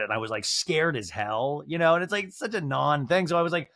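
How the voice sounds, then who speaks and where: A man's voice: fairly high pitch, fairly quick, few pauses, a bit bright, dry recording, studio quality. A man hosting a podcast, giving a rambling, comedic recap of a reality show with lots of fillers like "like". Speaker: podcast host.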